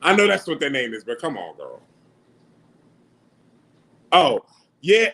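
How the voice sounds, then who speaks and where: A man hosts a casual livestream and talks straight to his viewers. His talk is animated and slangy, full of quick laughs, and his voice sits a touch higher than most men's. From New York. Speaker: livestream host. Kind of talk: casual livestream chat answering viewer comments.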